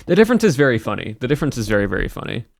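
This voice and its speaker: A man's voice: medium pitch, very animated, rapid-fire, gravelly. A man streaming live, chatting casually and rambling while he answers his chat.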